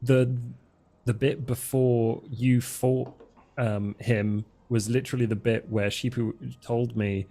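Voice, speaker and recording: A man's voice: medium pitch, fairly even intonation, slow, warm tone. A man chatting casually in an aftershow, a bit hesitant as he recalls things.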